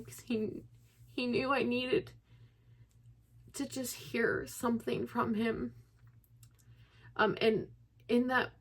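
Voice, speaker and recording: A woman's voice: on the high side, husky. A young woman vlogging to camera while grieving, talking in a rambling way with many likes and restarts, close to tears. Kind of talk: casual personal vlog.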